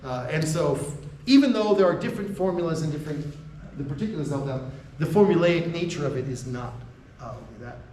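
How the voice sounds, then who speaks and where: In a lecture room, a U.S. man gives faculty a chatty university talk, frequently asking "right?", restarting sentences, and laughing between points. His slightly high, dark-toned voice is lively and brisk, picked up from afar in an echoey space with a little hiss or hum.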